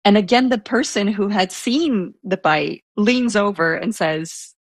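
A soft-spoken woman telling a personal story in a casual interview, hesitant and full of fillers. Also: mid-range voice, expressive, a little slow, few pauses, slightly rough, no room sound. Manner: self-described introvert.

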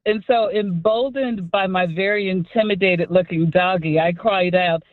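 A woman calling in to a radio show, telling a story in an amused, animated way. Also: fairly low pitch, moderate pace, no echo. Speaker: caller. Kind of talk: call-in storytelling. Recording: tinny phone line.

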